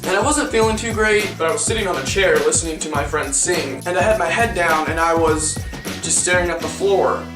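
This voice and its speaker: A man's voice: high-pitched, far from the mic. A young man vlogging, telling stories in a dramatic, profane, self-mocking way. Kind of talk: casual storytelling vlog. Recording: roomy, off-mic, music behind.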